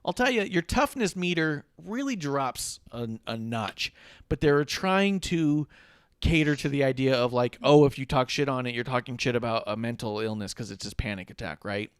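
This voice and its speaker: A man's voice: mid-range voice, expressive, normal speed, clean tone, no room sound, studio quality. A man co-hosting a casual wrestling talk show, ranting with sarcasm and swearing freely. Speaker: podcast co-host.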